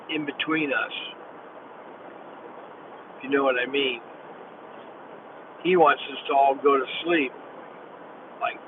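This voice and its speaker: A tired man mumbling and rambling while hosting a casual livestream, talking from inside a moving vehicle. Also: fairly high pitch. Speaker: livestream host. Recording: tinny distant mic with loud vehicle noise.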